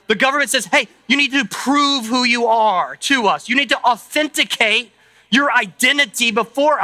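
High, bright-voiced male preacher. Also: dry recording. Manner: conversational, thinks aloud with asides and tag questions. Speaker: pastor. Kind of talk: sermon. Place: church service.

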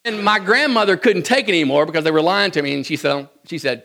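A fast-talking Kentucky man with a high, sharp voice and few pauses recounts comic childhood episodes for an audience. The tone stays folksy and joking, and he chuckles a lot.

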